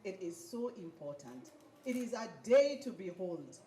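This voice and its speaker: In an echoey hall full of graduation guests, a woman with a mid-range, dark-toned voice speaks unhurriedly but with great animation, leading the crowd in call-and-response chants as part of her motivational speech. Slight background noise is present.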